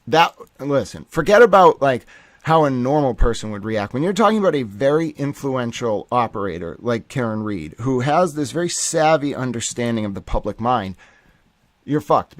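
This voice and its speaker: Male streamer, mid-range pitch, excitable and profane, filler-heavy delivery. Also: dry recording. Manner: animated, profane, emphatic with many fillers. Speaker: commentator. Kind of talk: casual commentary stream.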